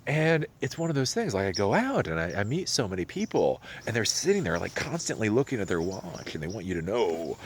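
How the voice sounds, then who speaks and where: A man in his thirties talking casually to camera outdoors in winter, reflective and rambling, with sudden animated rises. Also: fairly low pitch, brisk, few pauses, slight background noise. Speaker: vlogger. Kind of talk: casual vlog monologue. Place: outdoors in winter, near a pond.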